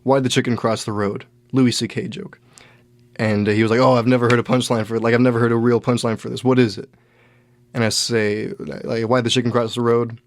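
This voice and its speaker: A young man hosting a podcast, telling a rambling story with lots of restarts and animated bits. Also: medium pitch, fairly quick. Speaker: podcast host. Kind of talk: casual storytelling monologue.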